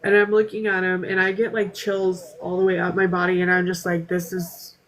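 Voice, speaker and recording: A woman guest on a podcast panel, recounting her own story in a low-key, level voice that barely rises or falls. She hesitates often and circles back with fillers and restarts. Her voice drops softly at times as she gathers her thoughts. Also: monotone, rough recording. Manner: halting, frequent fillers and restarts. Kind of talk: candid personal storytelling.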